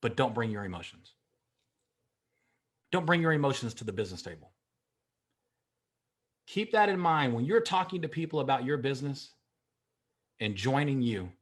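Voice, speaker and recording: A man giving a motivational speech, emphatic and repetitive, with sudden swings in pitch and loudness. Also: big pitch swings, moderate pace, long pauses. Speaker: motivational speaker.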